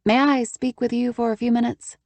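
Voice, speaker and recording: A woman voicing a determined young woman who speaks crisply and in a businesslike way in an audiobook. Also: a little high, flat delivery, a little fast, a little mellow, no echo, voice pushed up. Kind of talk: audiobook character voice.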